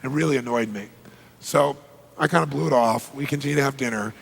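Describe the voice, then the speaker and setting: A middle-aged man telling a story to an audience in an animated way, dropping to low asides and breaking into loud bursts. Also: fairly quick, gravelly, slightly rough.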